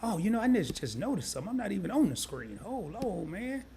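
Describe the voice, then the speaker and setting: A man's voice: high-pitched, sing-song, fast, background noise. A man hosting a live stream, casually breaking things down step by step and often repeating himself. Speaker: crypto live stream host. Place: home setup, sharing his screen.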